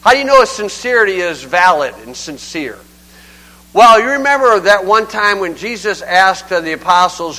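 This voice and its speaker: A man's voice: high-pitched, lively intonation, moderate pace, pushed and bright, low-quality recording. An older man preaching a sermon in a folksy, conversational and emphatic way.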